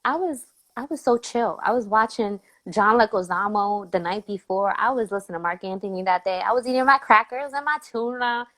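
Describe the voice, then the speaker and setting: A woman guest in a casual interview tells a family story, animatedly acting out other people's voices as she goes. Her voice is medium-pitched, and she talks fairly quickly with hardly any pauses. The audio is poor.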